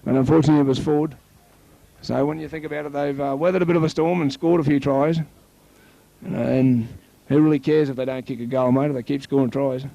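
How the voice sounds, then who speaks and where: A man with an Australian accent calling a local rugby league match play by play, chatting with his co-commentator and rising to excited shouts on tries. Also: medium pitch, fairly quick, creaky, highs cut off.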